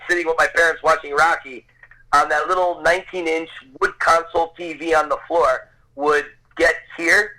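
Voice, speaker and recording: A man in his fifties, a podcast guest, telling an excited, gushing anecdote and often repeating himself. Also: a little high, poor audio. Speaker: podcast guest, Rocky film tour guide. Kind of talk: storytelling anecdote.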